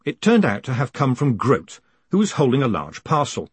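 A man narrating an audiobook in a wry, measured storytelling manner. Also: mid-range voice, huge pitch swings, breathy edge, dry recording. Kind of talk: scripted narration.

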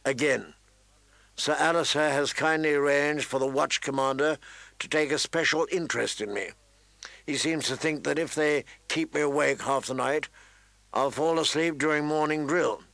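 A man voicing an earnest young man on night watch, in a plain, even way. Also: on the high side, normal speed, creaky, dry recording.

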